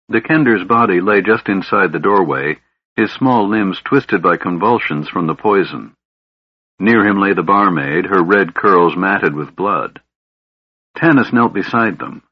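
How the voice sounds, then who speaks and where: Brief: male audiobook narrator, low husky voice, somber and measured, muffled lo-fi sound. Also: dry recording. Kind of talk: scripted narration. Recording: dull lo-fi audiobook recording.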